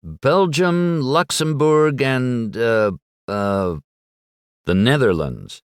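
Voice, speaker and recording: A man's voice: mid-range voice, lively intonation, very slow, clear, resonant tone, dry recording, clean studio sound, pitched above the performer's own voice. A man voicing an earnest teenage schoolboy who speaks with confident certainty. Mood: answering. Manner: earnest and sure of himself.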